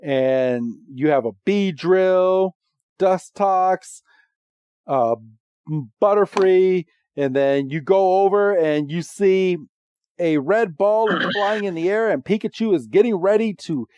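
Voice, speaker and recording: A man co-hosting a podcast, casually recapping a cartoon episode with lively retelling. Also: slow pace, clean tone, no echo, highs cut off. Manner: animated recap, doing squeaky character voices. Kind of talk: casual chat.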